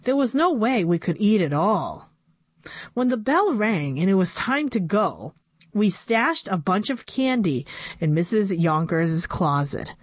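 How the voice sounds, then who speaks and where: A woman's voice: medium pitch, sing-song, a little slow, slightly rough, no room sound. A woman narrating a children's book in a playful first-person storytelling voice. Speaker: audiobook narrator.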